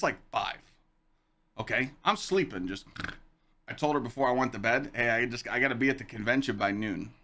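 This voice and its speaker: A young man hosting a casual podcast stream, telling stories to chat in a lively, swearing, animated way. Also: mid-range voice. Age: young adult. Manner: animated, swearing, acts out quoted lines in a raised voice. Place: home streaming room with dog on lap.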